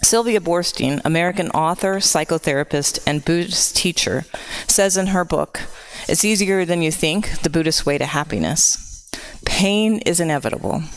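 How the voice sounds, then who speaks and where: A woman from Texas giving a church sermon in an earnest, personal way, growing impassioned at times. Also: moderate pace. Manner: earnest, grows impassioned with rising pitch. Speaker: lay preacher. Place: church sanctuary.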